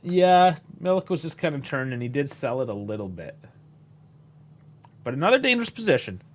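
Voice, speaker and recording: A man's voice: fairly high pitch, sing-song, a little fast, a little hiss or hum. A man from Canada, hosting a casual live match reaction, chatty and laid-back with frequent chuckles and casual swearing. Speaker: host.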